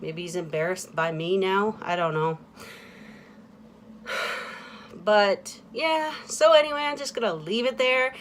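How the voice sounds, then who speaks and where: A woman vlogging in a casual confessional monologue, talking in a candid, halting way with many fillers and restarts and often trailing off quietly. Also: mid-range voice, slight background noise.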